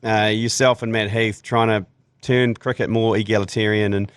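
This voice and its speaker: A man's voice: on the low side, flat delivery, moderate pace, clean tone, no room sound. A man co-hosting a sports podcast, trading teasing banter. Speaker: podcast co-host. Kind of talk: casual sports chat.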